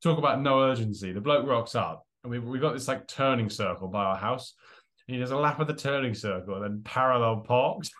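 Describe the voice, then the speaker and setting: A man's voice: medium pitch, fairly quick. A young man, co-hosting a casual podcast and telling a story with lots of laughs and acted-out quotes. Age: young adult. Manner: animated storyteller, laughs often, acts out quotes. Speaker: podcast co-host. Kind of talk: casual chat.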